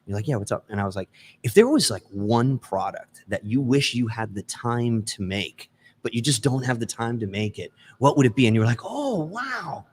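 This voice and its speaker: A man's voice: fairly low pitch, brisk, a little hiss or hum. A male guest in a casual livestream chat, telling a long story with restarts and quoted dialogue.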